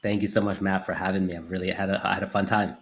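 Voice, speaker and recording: A man's voice: deep voice, little pitch movement, very fast, vocal fry, a little hiss or hum. A man speaking as a guest on a business podcast, explaining ideas conversationally with plenty of "like" and "you know" fillers. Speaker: podcast guest, agency founder. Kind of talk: casual interview.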